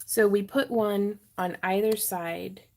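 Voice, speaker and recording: A woman's voice: medium pitch, steady tone, slow pace, a little mellow. A woman hosting a craft livestream, chatting with viewers and giggling as she demonstrates wire wrapping. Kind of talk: casual livestream chat and tutorial. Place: home craft room.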